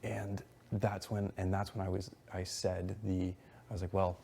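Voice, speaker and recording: Low gravelly young man, heated retelling. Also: flat delivery, normal speed, a little mellow, a little hiss or hum. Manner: rambling, heated retelling with quoted dialogue and swearing. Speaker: reality show houseguest. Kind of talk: casual one-on-one conversation.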